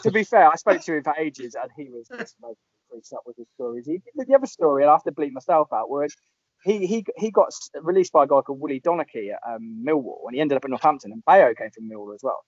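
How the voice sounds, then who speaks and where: A man, chatting casually as a podcast host and telling animated anecdotes. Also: a little high, quick pace, slightly rough, no room sound. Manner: lively storyteller, puts on voices in anecdotes. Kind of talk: casual chat. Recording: dull lo-fi sound.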